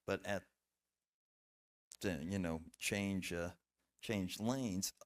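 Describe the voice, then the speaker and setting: A middle-aged man, a podcast guest, telling stories in an earnest, halting way with restarts and fillers. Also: deep voice. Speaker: podcast guest, former bailiff. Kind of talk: casual storytelling conversation.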